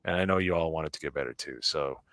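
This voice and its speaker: Deep-voiced joking man, dry close sound. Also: quick pace, fairly bright tone, dry recording. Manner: joking, sarcastic, mock-ranting. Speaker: podcast host. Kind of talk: casual political chat.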